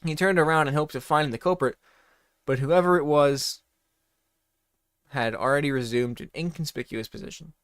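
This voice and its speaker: A man's voice: fairly high pitch, moderate pace, pauses often, a bit bright, clean tone, no echo, clean studio sound. A man reading a comedy story aloud in a mock-dramatic voice, breaking off for swearing asides.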